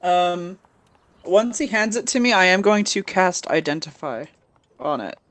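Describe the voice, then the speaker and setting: A woman's voice: fairly low pitch, measured pace. A woman playing a tabletop game, joking and laughing often. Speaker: player. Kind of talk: casual tabletop play.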